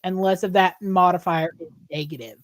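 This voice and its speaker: A woman's voice: on the low side, fairly even intonation, dry recording. A woman running a tabletop game as game master, narrating with frequent restarts. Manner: halting, restarts often, laughs while narrating.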